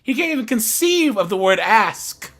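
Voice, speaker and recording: A man from the US West Coast hosting a casual livestream chat. He talks in an animated way and gets loud when he tells stories. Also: sits high, normal speed. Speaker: livestream host.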